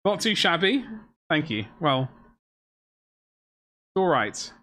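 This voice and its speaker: A man's voice: a little high, sing-song, extremely slow, bright, forceful tone. Chatty man on a hobby stream. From Britain. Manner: chatty, reads viewers' chat aloud and answers it with jokes. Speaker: live stream host. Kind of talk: casual live-stream chat while building a miniature.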